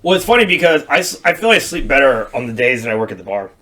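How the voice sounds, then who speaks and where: Man in his thirties, bright voice, profane joking banter, casual podcast chat. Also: mid-range voice, big pitch swings, fast talker. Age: 30s. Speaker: podcast host; bartender.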